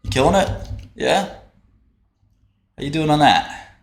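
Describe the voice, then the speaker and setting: A man's voice: a little high, unhurried, vocal fry. A man hosting a casual livestream, ranting in a brash, profane, mocking way. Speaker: livestream host. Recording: roomy echo, faint typing.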